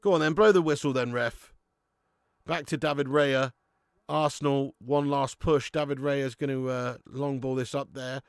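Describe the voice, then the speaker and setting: A man's voice: medium pitch, steady tone, moderate pace, clear, resonant tone, no room sound, clean studio sound. An English man hosting a live football watch-along, chatting casually with viewers and reading out their comments. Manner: laughs often, calls people mate.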